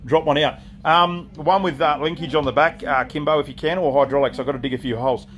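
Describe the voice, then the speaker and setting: A man's voice: on the high side, steady tone, fast talker, fairly bright tone, slight background noise. An Australian man hosting a casual live stream from his shop, chatty and laid-back, greeting viewers by name as he talks. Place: inside his outdoor shop.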